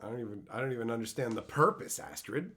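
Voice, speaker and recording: A young man live-streaming, answering his chat with profane, mocking rants. His pitch sits in a plain middle range, and he keeps breaking into laughter at his own crude jokes. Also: expressive, quick pace, a bit bright.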